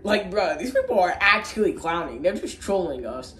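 A man's voice: sits high, big pitch swings, moderate pace, few pauses. Rambling young guy recapping a movie. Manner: rambling, jokey, slangy, swings into silly voices. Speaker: movie reviewer. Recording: echoey room with faint noise.

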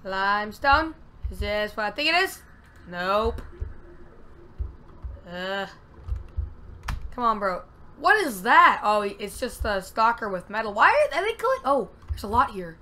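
A woman giving casual gameplay commentary, excitable and talking to herself, with loud frustrated outbursts. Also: mid-range voice, measured pace, long pauses, slight background noise. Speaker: let's play gamer.

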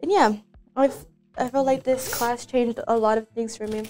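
A woman's voice: a little high, steady tone, moderate pace, a little mellow, faint music behind. A young woman hosting a casual student interview at school, chatty and giggly, with many filler words. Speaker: student show host.

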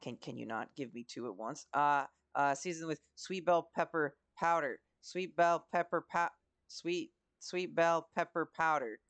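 A man's voice: a little high, a little slow, a bit bright, smooth, no echo. A young man giving casual let's-play commentary, chatty, swearing and talking to himself as he plays. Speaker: gaming commentator.

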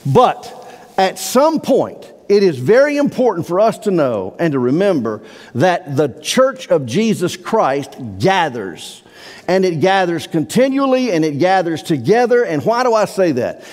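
This pastor's high, darkish voice is very animated yet unhurried as he delivers his sermon earnestly and emphatically, stretching out key words. The recording carries the long reverb of the church sanctuary's hall.

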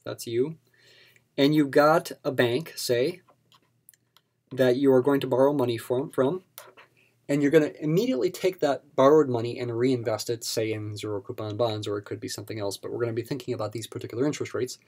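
A man explaining a math problem step by step in a recorded lesson. His pitch sits in the middle range, and his delivery is patient and methodical. He keeps coming back to key terms for emphasis. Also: fairly quick, darkish tone. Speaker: math instructor.

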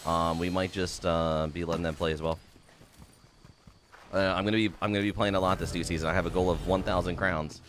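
A man's voice: low-pitched, fairly even intonation, a little fast, a bit bright, slight background noise. A man streaming a game live, swearing freely and greeting his chat by name.

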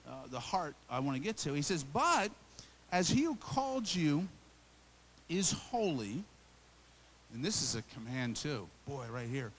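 High-voiced man preaching emphatically. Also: sing-song, a little slow, long pauses, slight background noise. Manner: conversational, emphatic, repeats and restarts phrases. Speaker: pastor. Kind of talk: sermon.

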